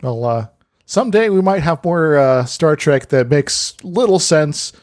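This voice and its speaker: A man co-hosting a podcast in casual chat, playful and quick to laugh. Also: a little high, animated, darkish tone. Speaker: podcast co-host.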